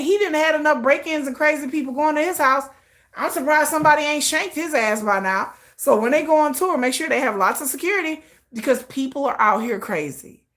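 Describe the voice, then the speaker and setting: A woman's voice: sits high, a bit bright. A woman hosting a casual livestream, ranting with profanity and acting out dramatic quoted voices. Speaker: livestream host.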